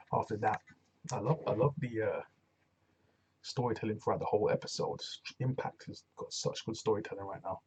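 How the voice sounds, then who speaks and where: A man's voice: fairly low pitch, a little mellow, slightly rough. A man casually recapping a wrestling show, rambling and often saying "you know what I'm saying".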